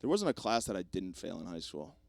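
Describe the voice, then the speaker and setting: A young man hosting a podcast, rambling through a jokey, self-deprecating solo monologue with plenty of swearing, swinging between loud bursts and mumbled asides. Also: low voice, very animated, brisk, vocal fry, dry recording. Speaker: podcast host.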